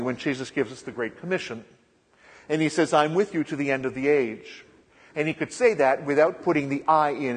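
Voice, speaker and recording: A man's voice: on the high side, breathy edge. A male pastor reads scripture and then teaches a sermon in a conversational way, with frequent ums and uhs. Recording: long echoing reverb of a large hall.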